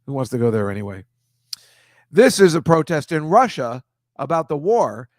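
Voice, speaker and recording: A man with a somewhat high voice hosts a comedy show, ranting in an exasperated, casual way as he comments on pictures. His delivery wanders into quick asides and grumbles. The sound is dry and close. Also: big pitch swings, a little mellow, no room sound. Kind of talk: casual monologue over pictures.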